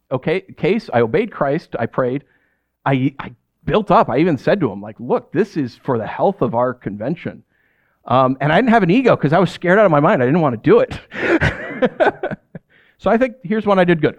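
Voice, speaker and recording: Animated male preacher, slightly high voice. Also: no room sound, highs cut off. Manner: animated, self-deprecating storytelling. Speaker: pastor. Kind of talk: sermon.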